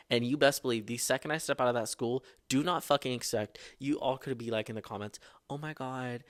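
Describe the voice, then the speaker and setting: A man's voice: medium pitch, dry recording. Sassy, overdramatic young man, dry close sound. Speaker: podcast host. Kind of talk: casual storytelling monologue.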